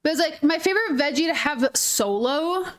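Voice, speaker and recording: A young woman from northern Minnesota talks in a high, bright voice with a soft Minnesotan lilt. She chats freely while streaming a game, bubbly and giggly, hopping from thought to thought. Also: expressive, normal speed. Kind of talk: casual gaming stream chat.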